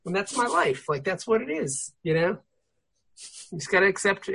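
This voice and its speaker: A man in his thirties co-hosting a podcast, chatting casually in an animated, joking way. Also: high voice, moderate pace, vocal fry, slightly rough. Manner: animated and joking, laughs often. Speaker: podcast co-host. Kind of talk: casual chat.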